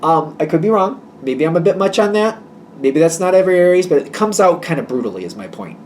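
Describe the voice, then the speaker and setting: A man reads tarot for his viewers in a loose, chatty way, hedging his points with a wry, slightly snippy edge. His voice sits a bit high for a man and swings widely up and down as he talks. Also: lively intonation, quick pace, darkish tone, slight background noise. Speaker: tarot reader. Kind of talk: casual tarot reading video.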